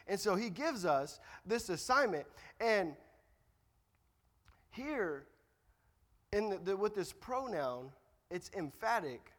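A man's voice: high voice, sing-song, slow pace, long pauses, fairly bright tone. A young man preaching a sermon, joking in asides and repeating his key lines for emphasis. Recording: long reverb of a hall.

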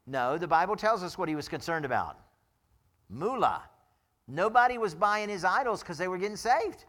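A man's voice: on the high side, a bit bright. A man serving as pastor, preaching a sermon in a conversational way with dry humor and frequent chuckles.

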